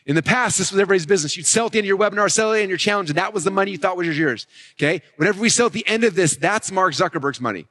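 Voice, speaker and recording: On stage, a marketing speaker gives an energetic talk, guiding listeners through his method and often checking in with "right?" and "okay?" His voice is high and he talks at a racing speed.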